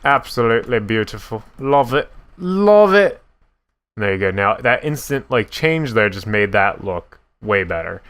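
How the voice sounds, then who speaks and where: A young man giving casual, self-mocking commentary while he builds in a block game, with a deep voice that sometimes cracks. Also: expressive, normal speed, few pauses, pushed and bright. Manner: chatty, self-mocking, laughs at his own slips. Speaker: gaming YouTuber.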